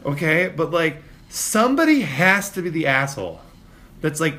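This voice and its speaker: A man in casual chat, telling a road-rage story with lots of swearing and shouted impressions of himself. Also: on the high side, moderate pace. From Spokane, Washington. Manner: animated, profane, mimics people in shouts. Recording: faint ambient noise.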